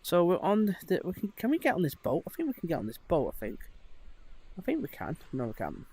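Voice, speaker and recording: Guy streaming in vr, kinda high voice, rambling chatty, lots of um and you know. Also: huge pitch swings, brisk, darkish tone, slightly rough. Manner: rambling, chatty, frequent fillers and laughs. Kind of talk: casual live-stream chat. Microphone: VR headset.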